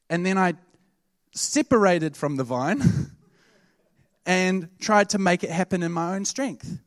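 A man preaching a sermon to his church, telling stories in a conversational, animated way. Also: high-pitched, slow pace, dry recording, clean studio sound. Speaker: pastor.

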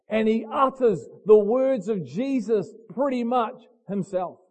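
A man preaching a sermon, swinging from quiet murmurs to loud, dramatic cries. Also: high voice, expressive, slow, few pauses, poor audio.

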